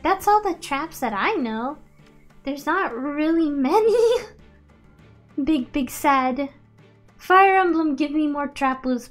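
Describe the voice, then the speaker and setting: A young woman streaming a game, chatting playfully with frequent laughs and switching between two languages. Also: high-pitched. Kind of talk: casual chat.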